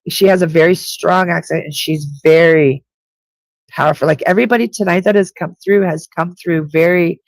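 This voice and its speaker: A woman hosting a live psychic reading session, her voice gravelly with a dry, close sound. She speaks directly to each listener and repeats key points for emphasis. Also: fairly low pitch, normal speed, dry recording. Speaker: psychic reader. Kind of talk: live-stream intuitive reading.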